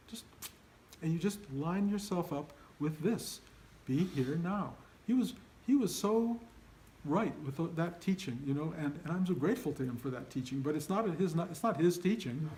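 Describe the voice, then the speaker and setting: A man's voice: on the high side, lively intonation, moderate pace, mellow, a little hiss or hum, rough recording. An older man giving an informal spiritual talk to his students, earnest and emphatic, often acting out their inner voices. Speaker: spiritual teacher.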